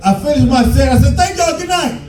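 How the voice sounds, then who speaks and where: A man, doing a live stand-up set, profane and shouting his punchlines. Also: extremely high pitch, fairly quick, faint music behind. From Detroit, USA. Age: 50s. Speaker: stand-up comedian. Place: comedy club stage. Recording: echoey club from a distance.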